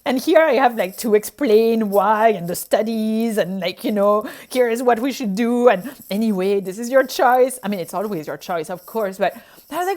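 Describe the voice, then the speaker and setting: A woman with a French accent tells stories from her work as a doctor in a casual, lively way. She acts out what she and others said, and her voice jumps higher for those quoted bits. Her voice sits a little high and moves a lot. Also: a little fast. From France. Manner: animated storytelling, acts out her own past reactions. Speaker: physician sharing her experiences. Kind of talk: casual chat.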